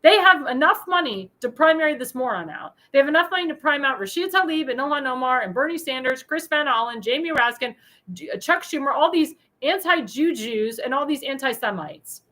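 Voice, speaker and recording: A woman hosting a political talk show, ranting in a heated monologue full of insults and bursting into angry shouts. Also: high-pitched, animated, a little fast, rough recording. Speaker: host.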